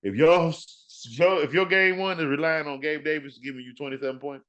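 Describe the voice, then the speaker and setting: A man hosting a fantasy football podcast in casual talk, animated and trash-talking, repeating words for emphasis. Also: on the high side, brisk, hardly any pauses, lo-fi sound.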